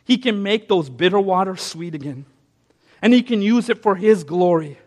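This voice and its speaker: High-pitched guy preaching, goes quiet then big and loud, long hall echo. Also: expressive, moderate pace. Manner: dynamic preaching, swinging from soft to loud. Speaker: pastor. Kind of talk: sermon.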